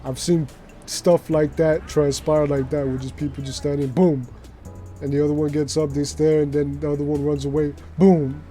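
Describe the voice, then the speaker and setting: A man chats casually as he streams a game, animated and full of fillers. His voice is fairly high for a man but sounds mellow and warm. Soft music sits faintly behind him. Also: moderate pace. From New York City. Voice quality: chatty and animated, heavy use of filler words. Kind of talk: casual live-stream commentary.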